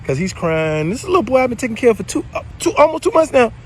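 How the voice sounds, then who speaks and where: A man casually telling viewers a story, animated and swearing freely, swinging between loud and low. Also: very fast, husky. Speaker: spiritual video creator.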